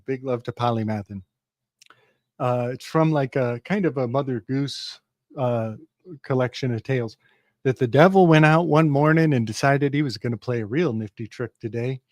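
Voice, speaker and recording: A man's voice: medium pitch, a little mellow, no echo. Guy rambling thru an old folk tale, lots of restarts, mid voice, dry close sound. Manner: rambling, reflective, many restarts. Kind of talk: casual conversation and folk-tale storytelling.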